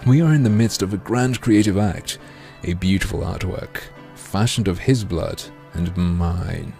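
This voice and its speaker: A man voicing a flamboyant, creepy male pheasant artist, speaking slowly and hushed with theatrical politeness. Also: low voice, gravelly, faint music behind. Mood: silky menacing. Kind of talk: game dialogue read-aloud.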